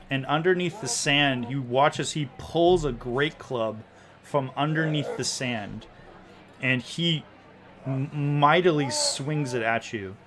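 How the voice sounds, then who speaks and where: A man in the game master's seat paints a chaotic tavern brawl in lively, descriptive narration. His voice sits in an ordinary middle register, and he often stops and restarts a phrase. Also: mid-range voice.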